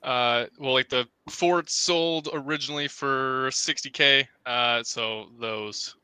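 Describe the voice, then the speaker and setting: Guest, man, very bright and crisp voice, dry close sound, casual and keen. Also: medium pitch, steady tone, no echo. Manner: casual, quick, enthusiastic. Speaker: game marketing guest. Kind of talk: podcast interview answers.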